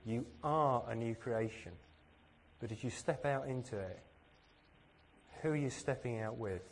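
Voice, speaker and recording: A man's voice: medium pitch, a little slow, a little hiss or hum. A man from England giving a sermon, earnest and self-deprecating, with plenty of rhetorical questions. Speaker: preacher.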